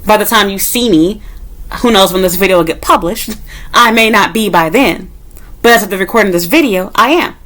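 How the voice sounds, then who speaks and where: A woman's voice: mid-range voice, a little fast, fairly bright tone, poor audio. Blunt, profane woman ranting. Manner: sarcastic, with mocking asides; emphatic, rising sharply on key points. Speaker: vlogger. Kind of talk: monologue rant to camera.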